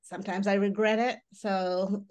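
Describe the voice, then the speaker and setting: A woman's voice: medium pitch, steady tone, measured pace, darkish tone. A middle-aged woman giving a workshop talk in a conversational teaching style, explaining with everyday examples and often checking in with the audience. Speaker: workshop trainer.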